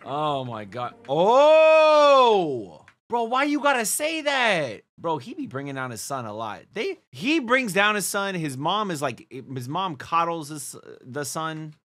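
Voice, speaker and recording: Lively slangy man reacting out loud. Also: fairly high pitch, slow pace, hardly any pauses. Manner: animated and slangy, often laughing and exclaiming. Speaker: reaction video host. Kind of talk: casual reaction commentary.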